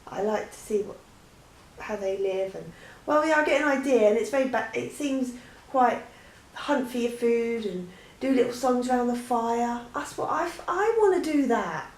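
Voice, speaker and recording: A woman's voice: on the high side, expressive, normal speed, darkish tone. Chatty woman in an echoey room. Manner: chatty, rambling, hesitant with many restarts. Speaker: vlogger. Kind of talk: casual Q&A chat.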